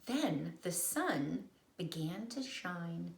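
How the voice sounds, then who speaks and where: A woman reads a children's picture book aloud at a very slow, deliberate pace, her pitch rising and falling in a lively sing-song. She voices the story's noises herself in a playful way, and the room around her rings with echo. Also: creaky. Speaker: storybook reader and teacher. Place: at home. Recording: echoey room.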